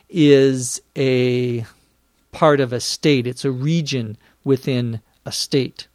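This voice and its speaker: A man's voice: mid-range voice, steady tone, takes it slowly, darkish tone, no room sound, clean studio sound. A man hosting an English-learning podcast, answering listener questions in a careful teaching style and spelling words out letter by letter. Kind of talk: slow, careful podcast lesson.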